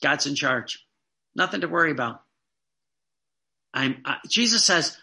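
Bright-voiced man preaching fervently. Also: on the high side, lively intonation, gravelly. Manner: fervent, emphatic repetition, slowing for stress. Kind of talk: sermon.

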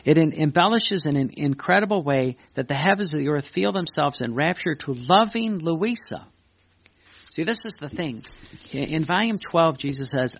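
A male preacher reads a devotional text aloud with a gravelly edge to his voice, stopping now and then for earnest asides. The recording is dry and a little dull. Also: fairly high pitch, lively intonation, a bit bright, no room sound. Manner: pauses to add earnest asides between readings. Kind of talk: reading aloud with commentary.

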